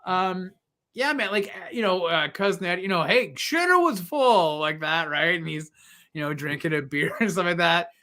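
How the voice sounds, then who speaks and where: High, bright-voiced animated man chatting. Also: normal speed. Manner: animated, laughing while retelling scenes. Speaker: podcast co-host. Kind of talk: casual chat.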